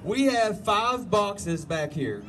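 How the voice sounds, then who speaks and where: A man's voice: high voice, big pitch swings, takes it slowly, over a noisy crowd. A man hosting a contest, announcing a prize draw and explaining the rules in a folksy, step-by-step way. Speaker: contest host. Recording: distant mic, noisy outdoor event.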